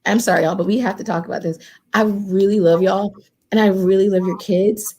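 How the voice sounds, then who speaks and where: A woman's voice: mid-range voice, steady tone, a little fast, a little mellow. A woman who organizes in her community and once ran for office, speaking earnestly to a panel. She repeats phrases for emphasis and talks to the group in a casual, direct way. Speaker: community organizer and former political candidate. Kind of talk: heartfelt panel remarks.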